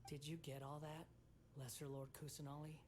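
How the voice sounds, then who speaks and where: A voice actor playing an aloof, sardonic young male puppet-god in a game, speaking in a cool, clipped, soft-spoken way. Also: on the high side, flat delivery, moderate pace, slight background noise, lightly acted. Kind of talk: game cutscene dialogue.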